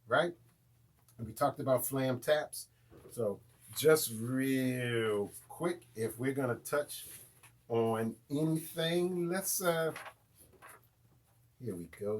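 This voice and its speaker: A man's voice: medium pitch, breathy edge. A man teaching a live beginner drum lesson, chanting rudiment names and counts as he plays and checking in with "right?". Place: room with a drum kit. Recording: loud drums under the voice. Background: drum kit playing.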